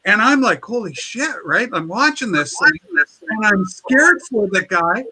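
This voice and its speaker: A man hosting a casual chat show, telling lively anecdotes and acting out the quotes. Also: sits high, measured pace, heavy background noise. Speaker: show host. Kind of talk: casual chat, animated storytelling.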